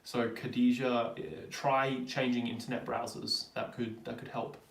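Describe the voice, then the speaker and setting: A man's voice: medium pitch, little pitch movement, unhurried, vocal fry, far from the mic. A young Australian man hosting a live Q&A stream, chatting casually as he answers viewer questions. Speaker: livestream host. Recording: roomy, from off the mic.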